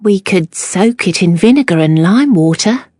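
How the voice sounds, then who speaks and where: A woman's voice: mid-range voice, expressive, normal speed, dark tone, dry recording, close to an everyday voice. Anxious cookmaid voiced by a woman, hesitant and fretful, period storybook character, dry recording. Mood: worried. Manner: hesitant, worried.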